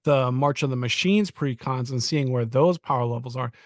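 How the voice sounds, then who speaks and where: A man's voice: medium pitch, normal speed, dry recording, clean studio sound. Chuckling podcast co-host man thinking aloud. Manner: repeats words when starting, chuckles, thinks aloud. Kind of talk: casual chat.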